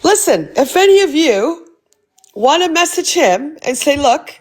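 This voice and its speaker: A woman's voice: high voice, big pitch swings, unhurried. A woman hosting a casual livestream, blunt and swearing freely as she asks rhetorical questions. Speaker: livestream host.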